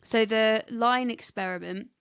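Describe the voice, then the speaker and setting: Gravelly British woman chatting. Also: fairly high pitch, unhurried, a bit bright, dry recording. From Britain. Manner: chatty, giggly, reads scripted bits. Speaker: podcast co-host presenting history. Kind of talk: casual chat.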